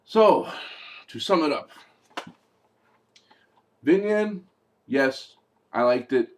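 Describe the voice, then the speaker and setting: A man's voice: on the high side, animated, very slow. Sarcastic rambling man reviewing movies. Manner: sarcastic, exasperated, rambling with fillers. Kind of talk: casual video review.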